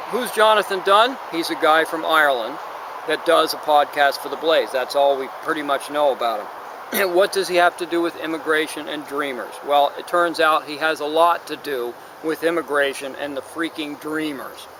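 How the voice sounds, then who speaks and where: A man's voice: a little high, noisy background. A man hosting a podcast in a casual, rambling monologue, digressing often and sounding exasperated. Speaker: podcast host.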